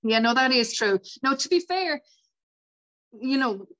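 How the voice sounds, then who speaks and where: A woman, a podcast guest telling a personal story in a lively way and acting out the people she quotes. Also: high-pitched, a little slow. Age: 50s. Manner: animated, acts out quoted dialogue. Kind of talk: casual storytelling.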